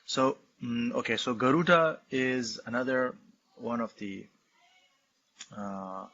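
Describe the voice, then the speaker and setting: A man with a Tibetan accent, a Buddhist teacher explaining a text in a halting, filler-heavy way. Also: medium pitch, a bit bright. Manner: halting, many fillers and restarts, explains terms. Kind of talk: Dharma talk commentary. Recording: dull lo-fi recording, faint noise.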